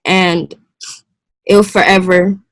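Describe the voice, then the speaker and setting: A young woman giving a class presentation in a hesitant, halting way, often restarting and clearing her throat. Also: lowish voice, level tone, no echo, low-quality recording. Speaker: student presenter.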